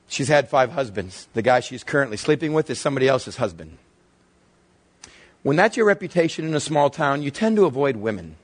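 A man preaching a sermon, telling Bible stories with lively acted-out dialogue in a husky voice. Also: medium pitch. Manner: animated storytelling, acting out Bible dialogue. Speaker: pastor.

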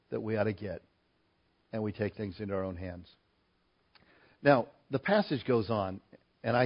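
A male pastor delivers a sermon in a medium-pitched voice, hammering his key points with rising force. The recording is somewhat dull and lo-fi.

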